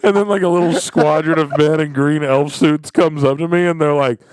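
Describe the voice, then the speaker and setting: A man's voice: on the high side, fairly even intonation, fairly quick, a little mellow, smooth, no echo. A young man co-hosting a podcast, casual comedic chat, riffing absurd bits and laughing often. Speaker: podcast co-host.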